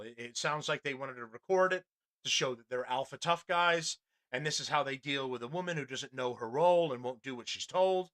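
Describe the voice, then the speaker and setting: A man's voice: fairly high pitch, fairly bright tone. Blunt, rambling male podcast host. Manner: rambling, blunt, profane, many restarts. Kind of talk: casual commentary on a news clip.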